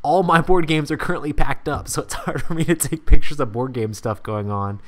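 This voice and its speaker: A man's voice: on the high side, a little fast. A man co-hosting a board game podcast, laid-back and chiming in with short asides. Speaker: podcast co-host. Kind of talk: casual podcast chat.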